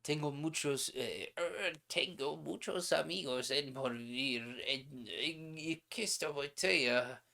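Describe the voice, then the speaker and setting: Casting: toothless old innkeeper, wheedling, raised pitch, put on by a male reader. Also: vocal fry, bright, forceful tone, heavily acted. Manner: wheedling, halting Spanish phrases. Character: toothless filthy old male hotel keeper.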